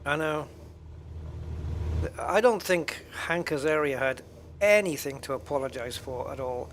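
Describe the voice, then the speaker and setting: A man's voice: a little high, expressive, unhurried, fairly bright tone, a little hiss or hum. A man giving casual, rambling commentary while playing a flight simulator. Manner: rambling, chatty, with restarts and asides. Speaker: flight sim streamer. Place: home gaming setup.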